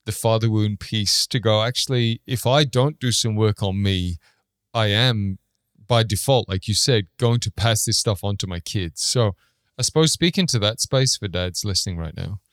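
A man's voice: lowish voice, moderate pace, fairly bright tone, dry recording, clean studio sound. A man hosting an interview, asking thoughtful questions about fathers and sons. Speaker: podcast host.

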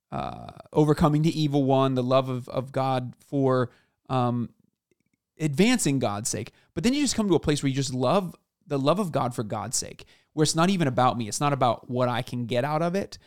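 A man in his thirties co-hosting a casual faith podcast, talking earnestly and searchingly with halting restarts. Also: medium pitch, darkish tone, clear, resonant tone, no echo, clean studio sound. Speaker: podcast co-host.

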